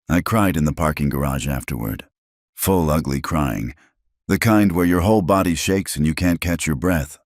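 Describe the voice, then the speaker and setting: A middle-aged man narrating a first-person story in a measured way, with dramatic pauses. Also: low-pitched, darkish tone, no echo, studio quality.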